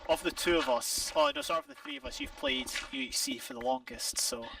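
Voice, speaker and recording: Scottish man, very high voice, lively pitch, casual gameplay chat, rambling, self-correcting. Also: a little fast, creaky, dry recording, distant mic, poor audio. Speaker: game player.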